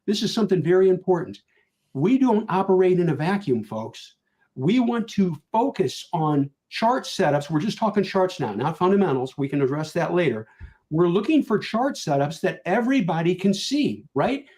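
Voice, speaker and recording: Older male panelist, earnest, repeats himself for emphasis, voice sits slightly high, video-call sound. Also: very animated, normal speed, darkish tone. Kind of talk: virtual conference panel talk.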